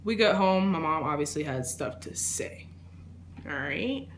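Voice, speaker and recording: A young woman telling a personal story in a casual vlog, rambling with lots of fillers and trailing off into quiet asides. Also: deep voice, animated, unhurried, slight background noise. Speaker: vlogger.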